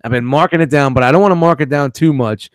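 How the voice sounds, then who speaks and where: Man, slightly high voice, dry close sound, rowdy podcast banter, swears a lot. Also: quick pace, no echo. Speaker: podcast co-host, toy vendor. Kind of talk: casual chat, storytelling.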